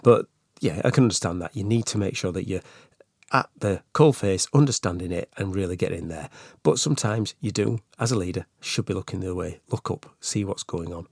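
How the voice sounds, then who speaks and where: Chatty low-voiced man hosting a podcast. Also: brisk, darkish tone, no room sound, studio quality. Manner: chatty, earnest, with restarts and asides. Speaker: podcast host. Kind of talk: solo podcast talk on management.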